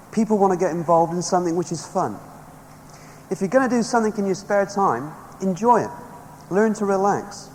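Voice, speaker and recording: A man giving an emphatic motivational seminar speech to a live audience, rallying them with stories. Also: high-pitched. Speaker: motivational speaker. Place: large hall with a live audience. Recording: echoey hall, faint background noise.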